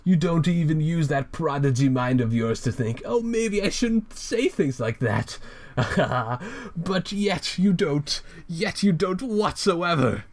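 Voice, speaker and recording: A man putting on a deranged clown mascot villain who rants in a raised, drawn-out voice. He swings between sing-song menace and unhinged glee, reading like a twisted comic-book baddie. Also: a little high, lively intonation, pitched above the performer's own voice. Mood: manic. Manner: manic, drawn-out, theatrical menace.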